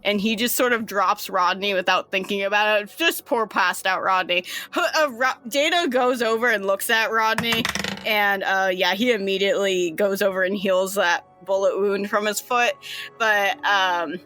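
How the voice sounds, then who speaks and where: A woman's voice: medium pitch, moderate pace, sharp tone, faint music behind. A woman narrating a tabletop game as game master, casual and laughing, with some swearing.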